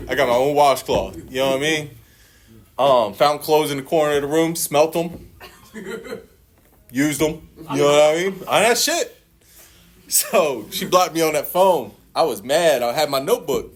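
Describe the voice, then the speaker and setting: A man's voice: on the high side, a little hiss or hum. A man speaking at a recovery meeting, sharing his personal testimony in a blunt, profane, storytelling way and acting out other people's lines.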